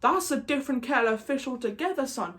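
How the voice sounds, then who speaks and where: A woman's voice: high-pitched, lively intonation, fast talker, fairly bright tone. Rambling British woman vlogger. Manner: rambling, jokey, goes off on tangents. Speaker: YouTuber. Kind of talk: casual vlog chat.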